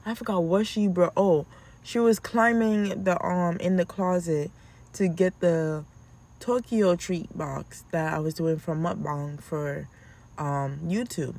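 Woman, mother of two, slow and unhurried vlog storyteller with a lilt, lower voice. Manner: animated, acts out her own yelling in a high voice.

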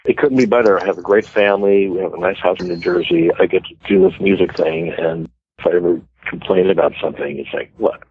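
American guest in his 60s, deep husky voice, dry phone-line sound, rambling anecdotes. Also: fairly even intonation, fast, no echo. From United States. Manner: chatty, self-deprecating, laughs easily. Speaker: guest musician. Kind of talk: casual storytelling interview.

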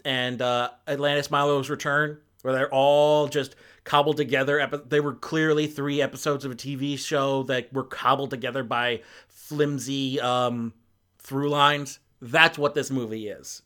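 A man's voice: mid-range voice, a bit bright. A man giving a casual, rambling film review as a podcast host, stopping and restarting often. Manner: rambling, hesitant, many restarts.

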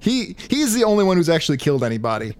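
A man co-hosting a casual comedic chat, recapping a story in a relaxed, wry way. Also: on the high side, very fast.

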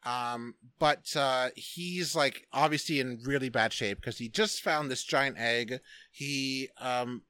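A male podcast co-host casually recaps a film scene by scene, rambling and swearing with lots of restarts and fillers. His mid-range voice is slow, sharp, clear and resonant.

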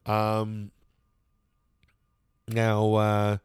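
A man's voice: on the low side, monotone, extremely slow, smooth, dry recording, clean studio sound. A man chatting casually and opinionatedly as a show host, rambling with lots of fillers and some swearing.

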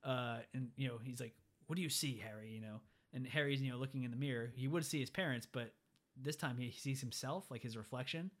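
A man talking fast in a loose, casual conversation about a movie. He acts out bits of dialogue as he goes, so his delivery stays animated. His voice sits at an ordinary mid pitch. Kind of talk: casual film discussion.

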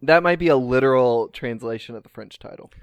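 A man's voice: mid-range voice, brisk, smooth, no room sound, highs cut off. A man co-hosting a casual film podcast, blunt and joking, swearing casually. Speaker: podcast co-host.

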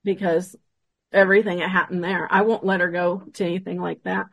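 A woman paranormal investigator, a guest on an interview show, telling a story from an investigation in a casual, animated way and acting out the dialogue. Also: on the low side, fairly quick, creaky, no echo, dull audio.

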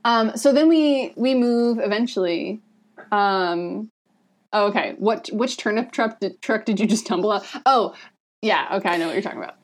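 Woman, podcast co-host, casual comic discussion, chatty, explanatory, lots of fillers, mid pitch. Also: expressive, moderate pace.

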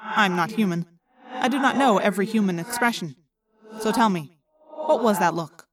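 A woman voicing a formal, measured male alien warrior in an audiobook. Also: mid-range voice, distant mic, a crowd in the background, natural voice. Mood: accusing.

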